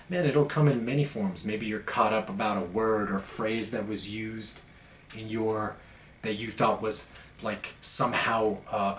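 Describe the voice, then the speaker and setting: A man's voice: on the low side, fairly bright tone, slight background noise. A young man talking blunt, profane and emphatic in a casual monologue as a podcast host. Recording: echoey room.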